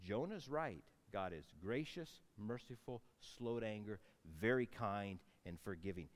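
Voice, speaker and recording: A man preaching a sermon, telling a Bible story with animated swings between loud outbursts and hushed asides. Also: lowish voice, measured pace, in a large hall. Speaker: pastor.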